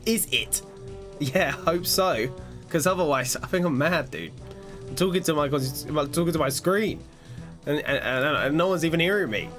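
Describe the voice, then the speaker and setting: A man's voice: on the high side, normal speed, soft background music. A young man chatting with his live-stream viewers as he plays, rambling and joking at himself. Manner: rambling, self-mocking, animated. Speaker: gaming streamer. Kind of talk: live-stream chat while gaming.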